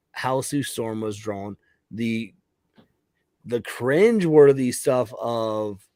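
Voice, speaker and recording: Brief: enthusiastic male guest, halting restarts, dry recording. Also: medium pitch, dry recording. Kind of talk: casual comic book discussion.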